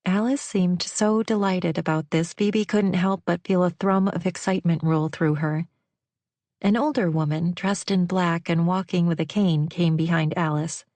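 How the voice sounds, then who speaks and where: A woman narrating a novel in a measured, even way on a close studio mic. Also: lowish voice, no room sound. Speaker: audiobook narrator. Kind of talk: scripted narration.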